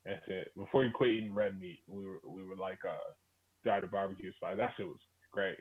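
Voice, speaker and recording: A man's voice: low voice, fairly even intonation, brisk, slightly rough. Rambling young guy on a tinny line. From Texas. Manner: rambling, loose, swears freely, many fillers. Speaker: podcast co-host. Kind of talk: casual chat. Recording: tinny phone-like sound.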